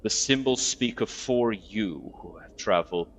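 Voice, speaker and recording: A man voicing a stoic, guarded male warrior in a video game, speaking slowly in a low, solemn tone. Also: expressive, a little hiss or hum. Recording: dull lo-fi sound, faint music.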